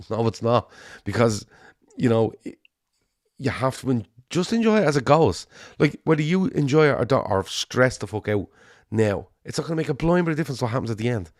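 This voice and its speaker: A middle-aged man with a Liverpool accent, co-hosting a casual football chat, animated and sweary, rambling with restarts. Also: on the low side, no echo, clean studio sound. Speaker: podcast co-host.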